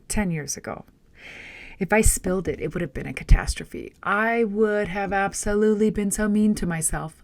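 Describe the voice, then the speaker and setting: A woman hosting a self-help podcast, talking earnestly and coaching her listeners, sometimes dropping to a near-whisper. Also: on the low side. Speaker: podcast host. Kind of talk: casual self-help talk. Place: indoors, filming a podcast.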